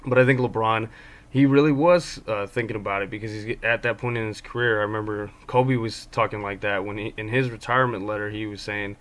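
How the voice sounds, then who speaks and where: A man's voice: on the low side, fairly even intonation, fairly quick, fairly bright tone. A man giving casual basketball commentary as a fan of his team, rambling with many ums and restarts. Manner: fan talking about his own team.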